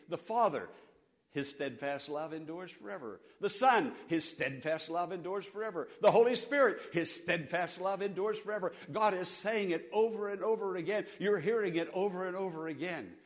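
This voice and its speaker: A middle-aged pastor preaching a sermon, repeating lines and leading the congregation in call-and-response, swinging from loud emphasis to soft, low passages. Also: male voice.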